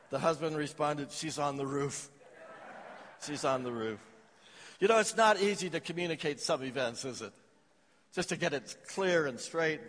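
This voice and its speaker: A man's voice: medium pitch, big-room sound. A man preaching a sermon, telling stories and jokes to his congregation. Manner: storytelling with jokes and anecdotes. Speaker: pastor.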